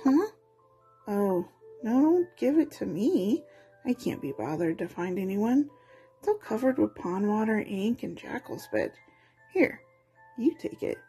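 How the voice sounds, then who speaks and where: A lazy female lemur from a children's storybook drawls and whines, too idle to bother, as a woman reader puts her on. Her voice is mellow and unhurried. Soft music plays faintly behind her. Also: medium pitch, sing-song, breathy edge, heavily acted. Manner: drawling, whiny, can't-be-bothered.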